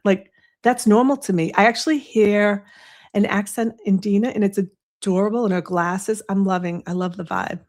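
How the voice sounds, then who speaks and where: A woman's voice: mid-range voice, fairly even intonation, darkish tone. Chatty Boston woman livestreaming from home. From US East Coast. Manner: chatty, rambling, quick asides. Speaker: livestream host. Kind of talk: casual livestream chat. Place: home, snowy window behind. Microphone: desk microphone.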